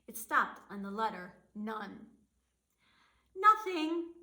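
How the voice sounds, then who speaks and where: Librarian reading a storybook, expressive woman, bright voice, echoey room. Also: on the high side, moderate pace. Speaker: children's librarian. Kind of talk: reading a picture book aloud. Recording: roomy echo.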